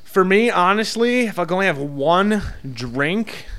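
A man's voice: sits high, animated, measured pace, clear, resonant tone. A man hosting a podcast, joking around crudely in casual banter. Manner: crude, joking, loud bursts of laughter. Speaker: podcast host.

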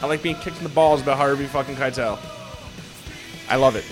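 A man co-hosting a podcast, joking around in loose, profane, animated chat. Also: medium pitch, a little fast, soft background music. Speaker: podcast co-host. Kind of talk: casual chat.

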